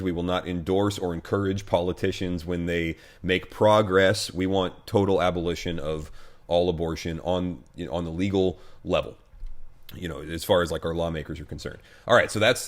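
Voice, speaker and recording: Low-voiced American pastor, casual commentary. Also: male voice, fairly even intonation, a little fast. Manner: conversational, many fillers and restarts, wry.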